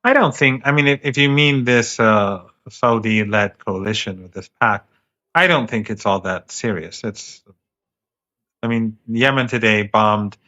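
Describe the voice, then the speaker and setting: A man with a fairly low voice gives fast, insistent commentary as a guest analyst. He fires off rhetorical questions and restarts his sentences often. The remote audio sounds dull and lo-fi. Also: sharp tone.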